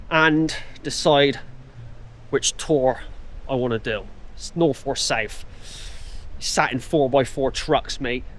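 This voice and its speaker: A young man vlogging his holiday to an action camera outdoors, chatty and excitable, swearing freely. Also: mid-range voice, slight background noise. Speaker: travel vlogger. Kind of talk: casual travel vlog to camera. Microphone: action camera mic.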